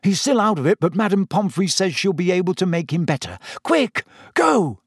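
A man's voice: sits high, very animated, normal speed, breathy edge, no echo, studio quality, voice pushed up, full character voice. A man reading aloud, voicing a brave teenage boy who gives breathless, urgent commands.

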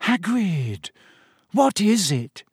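A man voicing a bossy teenage schoolgirl who answers quickly and firmly. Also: sits high, very animated, no room sound, studio quality, pitched above the performer's own voice. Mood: anxious. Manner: quick, firm.

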